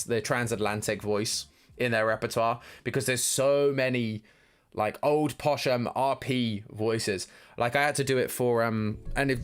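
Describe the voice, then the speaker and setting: A man's voice: medium pitch, a bit bright. A young British man chatting casually as a live-stream host, reading chat aloud and laughing often. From United Kingdom.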